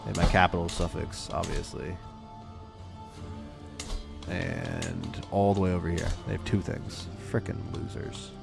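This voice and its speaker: A young man casually commenting on his own strategy game, muttering to himself and flaring up to yell at his units. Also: low-pitched, level tone, unhurried, gravelly, long pauses. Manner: talks to himself, flares up yelling at his units. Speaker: streamer playing a strategy game. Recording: game music underneath. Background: game music.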